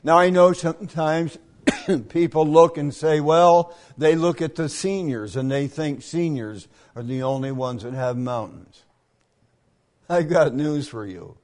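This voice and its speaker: An older man preaching a camp meeting sermon in a folksy storytelling manner, often clearing his throat. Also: on the high side, measured pace, darkish tone.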